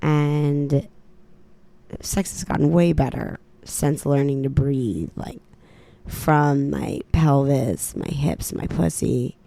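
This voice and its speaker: A woman co-hosting a podcast in a studio, talking in a calm, sarcastic way and guiding listeners step by step. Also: low voice, slow pace, gravelly, no echo. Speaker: podcast co-host. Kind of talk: casual chat. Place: radio studio.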